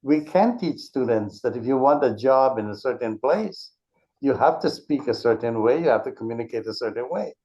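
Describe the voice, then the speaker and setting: A man's voice: medium pitch, lively intonation, moderate pace, warm tone. A man, an author and speech teacher, talking as an interview guest and explaining his points patiently with examples, often restarting his sentences. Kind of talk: earnest conversational explanation. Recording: dull lo-fi recording.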